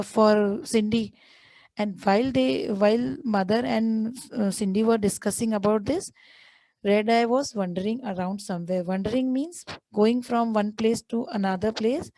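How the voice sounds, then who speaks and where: A woman's voice: medium pitch, unhurried, a little mellow, no echo, low-quality recording. A woman teacher, reading a children's story aloud, retelling it in simple words and explaining word meanings to her class. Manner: asks the class questions as she goes. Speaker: English teacher.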